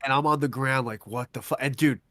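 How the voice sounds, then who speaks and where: A young man spins a long story for his podcast co-host, bouncing into high-pitched put-on quotes and dropping back to a low mutter. His voice sits at an ordinary middle pitch, recorded close and dry with no room sound. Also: a little fast, dry recording. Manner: animated storyteller acting out quotes, swearing. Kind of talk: casual storytelling chat.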